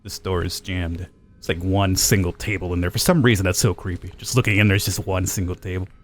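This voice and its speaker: Low-voiced man doing casual game commentary. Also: steady tone, a little fast, slight background noise. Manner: casual, chatty, thinks aloud, reads game notes aloud. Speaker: gameplay commentator. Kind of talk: let's play commentary.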